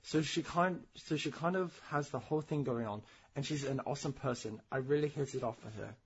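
A man's voice: mid-range voice, a little fast, breathy edge. A man reading out a young male actor's answer to a fan question, in his own plain voice. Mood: earnest. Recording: dull lo-fi recording.

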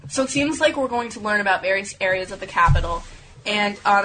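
A woman's voice: mid-range voice, lively intonation, fairly quick, a crowd in the background, poor audio. A woman co-hosting a fan podcast, chatting casually and rambling with frequent giggles. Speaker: podcast co-host.

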